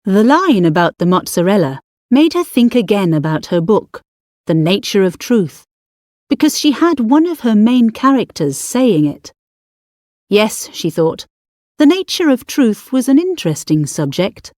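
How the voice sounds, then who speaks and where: A woman narrating an audiobook story in a measured, expressive manner. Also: mid-range voice, no echo, clean studio sound.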